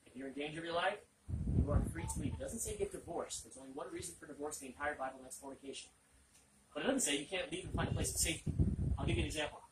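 A man's voice: a little high, rapid-fire. A man preaching an interactive Bible lesson, asking listeners questions and repeating their answers back. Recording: echoey room, distant mic, loud noise.

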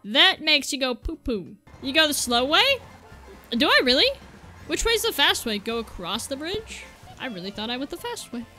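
A woman giving excitable gameplay commentary, yelping and cracking crude jokes. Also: high voice, normal speed, soft background music. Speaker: gaming YouTuber.

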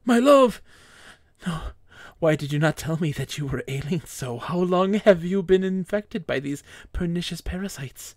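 Grief-stricken aging husband, melodramatic and pleading, gravelly edge, dry close sound, as a man puts him on. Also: mid-range voice, a little slow, pauses often, darkish tone, dry recording. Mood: anguished.

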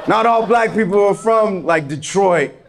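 A young man on a comedy club stage, telling a casual story and slipping into the voices of the people in it. His voice sits a bit higher than most men's. A faint hum of the room sits under it. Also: a little slow, some chatter behind. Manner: storytelling, acts out both sides of a dialogue. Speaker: stand-up comedian. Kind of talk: stand-up comedy set. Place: comedy club stage before a live audience. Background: audience laughter.

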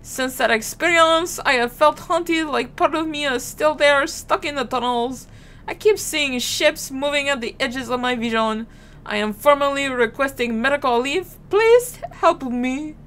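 A woman voicing a haunted male French soldier reading his formal report aloud in a mock French accent, in a stilted, halting way. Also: sits high, a bit bright.

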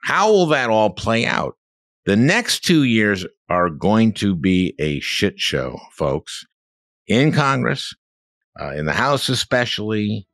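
A man's voice: lowish voice, sing-song, slow, fairly bright tone, no echo. A man in his seventies from Minnesota, a podcast host telling wry stories in casual chat. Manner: wry storyteller.

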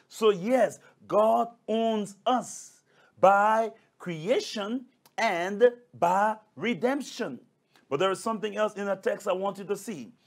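A male pastor preaching a sermon, emphatic and repetitive, addressing listeners as brothers and sisters. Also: high-pitched. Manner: emphatic, repeats key phrases.

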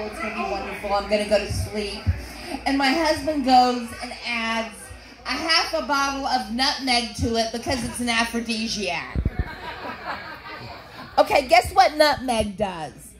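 A woman doing a chatty stand-up set, talking straight to the crowd in a comedy club. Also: a little high. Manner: chatty, animated, talks to the crowd. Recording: roomy live club with crowd.

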